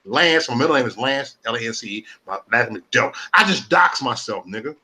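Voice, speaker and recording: A man's voice: mid-range voice, expressive, a little fast, bright, forceful tone. A man in his forties hosting a live stream, ranting in a profane, repetitive and confrontational way. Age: 40s.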